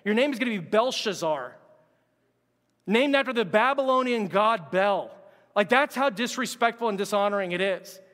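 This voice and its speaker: A man with a high voice delivers a sermon in a relaxed, conversational way and acts out the quotes he reads. The long reverb marks a large hall. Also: normal speed. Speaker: pastor.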